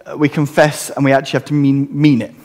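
A man's voice: mid-range voice, level tone, fast talker, a little mellow. A man preaching a sermon in an earnest, conversational way, asking rhetorical questions of his congregation. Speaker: pastor. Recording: long hall reverb.

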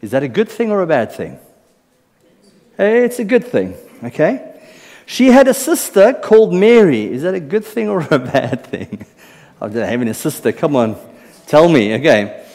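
Very animated, with a slightly high and mellow voice at a moderate pace, the South African-born pastor banters with his congregation during a sermon, teasing and checking in. He speaks into a microphone on a church stage, and the live recording echoes with long reverb.

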